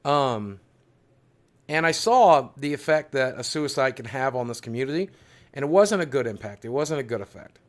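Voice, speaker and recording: A man's voice: mid-range voice, animated, normal speed. A man hosting a livestream from his studio, talking in an earnest, heartfelt, confessional way with emphatic repetition. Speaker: livestream host.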